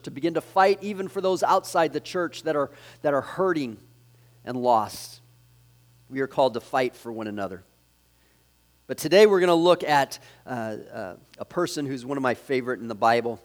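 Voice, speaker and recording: A man's voice: mid-range voice, normal speed. A man preaching a sermon, fervent and emphatic, with frequent fillers and restarts. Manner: fervent, with many fillers and restarts, big swings in loudness. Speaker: pastor.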